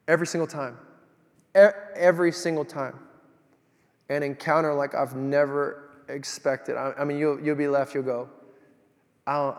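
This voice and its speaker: A man preaches, his voice sitting a little high. He tells his stories with energy, swinging from loud bursts to hushed asides. The sound carries a long reverb of a big hall. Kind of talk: sermon.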